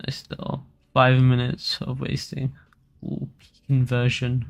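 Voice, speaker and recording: A man talks through crypto charts on a live stream in a loose, rambling way, full of fillers and restarts. His voice has a gravelly, creaky edge and sits at an ordinary pitch. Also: monotone, a little slow, faint music behind. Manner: casual, rambling, filler-heavy. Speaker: crypto market analyst. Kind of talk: live stream market commentary.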